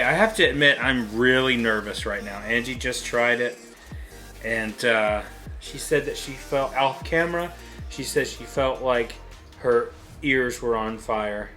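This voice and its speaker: Bright-voiced man vlogging while eating hot wings. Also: medium pitch. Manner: nervous, chatty, frequent ums. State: mouth burning from hot sauce. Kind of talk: casual vlog chat.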